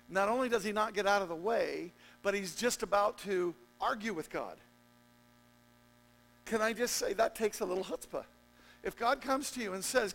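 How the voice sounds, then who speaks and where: A man preaching a sermon as pastor, joking with the congregation and swinging between loud emphatic peaks and low, quiet stretches. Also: lively intonation, normal speed, creaky, poor audio. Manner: jokey, conversational asides to the congregation.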